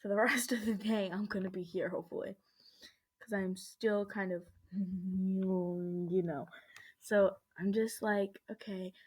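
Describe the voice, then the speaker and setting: A woman's voice: mid-range voice, steady tone, a little slow, darkish tone, slightly rough. A woman telling a storytime vlog at home into a laptop webcam mic, still shaken, rambling through it with lots of "I was like" and nervous restarts. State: shaken and uneasy. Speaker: vlogger. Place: indoors at home.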